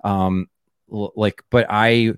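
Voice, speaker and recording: A male comedian guest with a lowish, smooth and resonant voice. He rambles in casual chat, padding every thought with "like" and starting over, and the sound is dry and close. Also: flat delivery, takes it slowly, dry recording. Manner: rambling, full of "like" and restarts.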